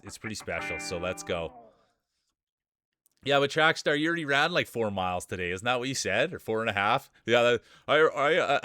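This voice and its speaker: A man's voice: lowish voice, sharp tone, clear, resonant tone, dry recording, studio quality. Upbeat man calling marble races. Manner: hype announcer calling names, upbeat. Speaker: streamer hosting marble races. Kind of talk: live-stream race commentary.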